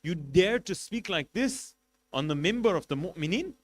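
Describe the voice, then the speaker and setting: A man preaching a sermon, telling a story with passion, swinging between loud emphasis and quiet asides, and reciting Arabic quickly before translating it. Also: high-pitched, expressive. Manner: recites Arabic passages rapidly, then translates. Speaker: sheikh preaching at a mourning gathering.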